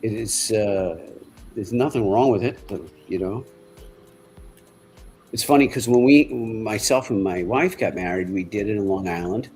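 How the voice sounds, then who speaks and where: A middle-aged man, telling stories in a halting, rambling way in casual chat. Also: fairly low pitch, a little mellow, faint music behind, rough recording. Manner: rambling, halting storyteller with many restarts. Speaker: livestream co-host.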